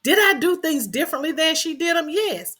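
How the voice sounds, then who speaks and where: A woman's voice: very high voice, expressive, a little fast, a bit bright. A middle-aged woman, earnestly telling a personal story as a podcast host and repeating phrases for emphasis.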